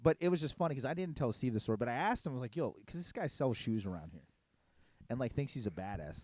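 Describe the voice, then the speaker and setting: Fast, animated, heated middle-aged man. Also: medium pitch, no room sound. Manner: heated, profane, animated storytelling. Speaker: podcast co-host. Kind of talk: casual storytelling chat.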